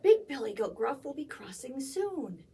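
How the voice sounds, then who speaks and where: A woman's voice: high-pitched, very animated, normal speed, mellow, slightly rough, exaggerated voice. A woman voicing a nervous middle-sized billy goat who bleats and begs. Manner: bleating, begging.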